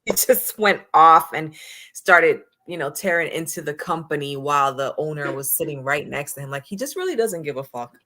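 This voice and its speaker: A woman's voice: sits low, lively intonation, moderate pace, a bit bright. A married woman hosting a casual wrestling talk show, blunt and opinionated, swearing freely as she gives her takes. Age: adult, married. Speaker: podcast host.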